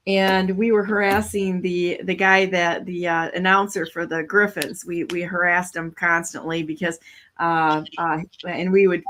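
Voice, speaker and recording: A woman hosting a talk show, telling a story in a lively, casual way, laughing often and acting out what other people said. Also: fairly low pitch. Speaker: show host.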